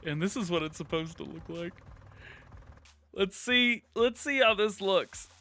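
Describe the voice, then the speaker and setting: A man's voice: sits high, lively intonation, a little slow, bright, forceful tone, soft background music. A man hosting a live gameplay stream, giggling constantly and reading chat messages aloud in a giddy, casual way. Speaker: livestream gaming host.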